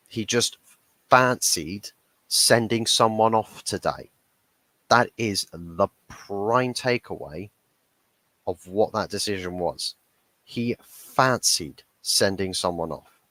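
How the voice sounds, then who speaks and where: A young man with a lowish voice rants through a football match reaction, swearing and mocking the referee. His voice sounds dry and close, with no room around it. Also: slow, pushed and bright, no room sound, rough recording. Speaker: football fan channel host. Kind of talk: heated match reaction stream.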